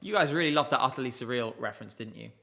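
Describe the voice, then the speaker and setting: Bright-voiced man streaming live. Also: mid-range voice, rapid-fire, vocal fry. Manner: chatty, rambling, thanks viewers. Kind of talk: casual live-stream commentary. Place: home room at a desk with laptops.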